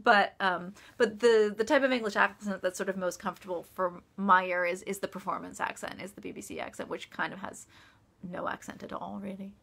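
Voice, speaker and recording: Woman author, casual live-stream Q&A, bright tone, bubbly with lots of laughs and ums. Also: medium pitch, steady tone, brisk, creaky. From United States. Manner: chatty, laughs often, many ums and restarts. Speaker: author answering live chat questions. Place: office.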